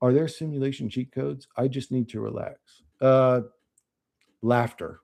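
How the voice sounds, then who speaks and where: Young dude on stream, raspy low-key voice, swears a lot, laughs at chat. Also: male voice, steady tone, measured pace, darkish tone. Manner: profane, blunt, laughs often. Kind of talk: casual livestream chat.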